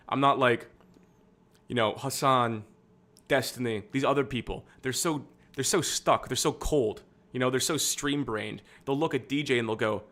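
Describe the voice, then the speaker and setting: A man's voice: mid-range voice, a bit bright. Rambling young man streamer. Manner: rambling, candid, self-deprecating, with frequent fillers and restarts. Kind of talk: casual political commentary stream.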